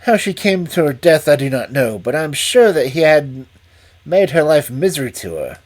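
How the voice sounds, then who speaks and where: A man plays a jittery estate manager, out of breath and pressing his words out in urgent bursts. The voice rides higher and louder than the storyteller's own, husky at the edges, in a storybook reading. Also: big pitch swings, normal speed. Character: nervous, frightened thin male estate manager.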